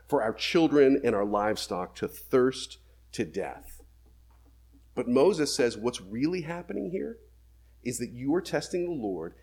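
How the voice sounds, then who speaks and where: A man's voice: medium pitch, a little mellow, slightly rough. A man preaching a sermon, reading scripture aloud and then explaining it with emphatic questions.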